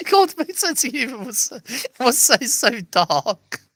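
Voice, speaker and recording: The recording is dry, and the English vlogger's voice sits fairly high with a fairly bright tone. Alone on camera, she rambles through a comedy chat, jumping between jokes, apologizing repeatedly, digressing, and laughing at her own lines.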